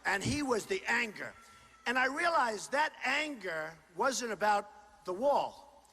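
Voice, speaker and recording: A man with a high, bright voice delivers a campaign rally speech through a stage microphone. He talks in punchy, repetitive, boastful bursts and often shouts to the crowd. The sound carries a long reverb from a large indoor hall, with a faint wash of crowd noise underneath. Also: big pitch swings, takes it slowly, husky. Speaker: political candidate. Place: large indoor university venue.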